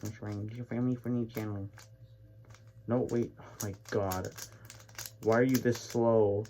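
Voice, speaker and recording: A man's voice: fairly low pitch, fairly even intonation, normal speed, dark tone, a little hiss or hum. Rambling man muttering to himself. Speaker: speedcubing hobbyist vlogger. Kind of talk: casual self-talk while solving a cube.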